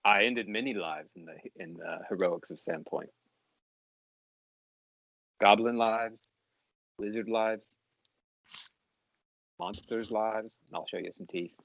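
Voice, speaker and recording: Mann spielt einen wortkargen Helden mit russischem Akzent. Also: male voice, on the low side, slow, gravelly, long pauses, fairly bright tone, no room sound, highs cut off, heavily acted. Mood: proud. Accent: put-on Russian. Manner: clipped, reluctant, few words. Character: terse male hero speaking with a Russian accent.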